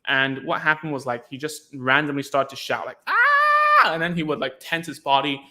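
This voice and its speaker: Speaking a little fast, a young podcast host from Hong Kong and former ABA therapist rambles through a relaxed, chatty explanation full of "like," acting out sounds and reactions. His voice is bright and forward, pitched in an ordinary middle range for a man.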